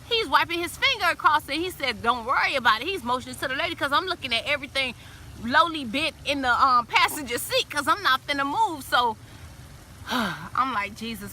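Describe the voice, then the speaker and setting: Lively woman telling a storytime, high bright voice, faint noise behind. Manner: animated, acts out friends' quoted lines. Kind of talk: casual storytime vlog.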